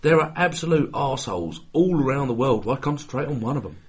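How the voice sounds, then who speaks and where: A man's voice: medium pitch, fast, breathy edge. A man bantering crudely and laughing on a casual podcast. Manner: crude and laughing, with lively intonation.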